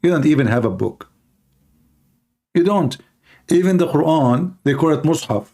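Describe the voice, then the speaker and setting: A man hosting a live call-in debate stream, mocking and combative in manner, his voice hoarse and tired with occasional coughs. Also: on the high side, expressive, moderate pace, warm tone. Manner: mocking, combative, repeats points rhetorically. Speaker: livestream host debating callers.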